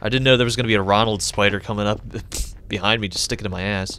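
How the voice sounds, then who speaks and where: A young man doing let's-play commentary on a horror game, joking and swearing, with sudden high yelps when startled. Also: steady tone, fast talker, bright, forceful tone. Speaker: gaming YouTuber.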